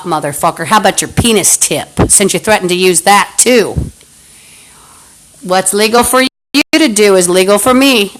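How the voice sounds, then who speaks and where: A woman's voice: mid-range voice, poor audio. Woman ranting angrily on a live stream. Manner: profane, hostile, berating unseen listeners. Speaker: livestreamer. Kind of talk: angry live-stream rant. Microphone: phone livestream.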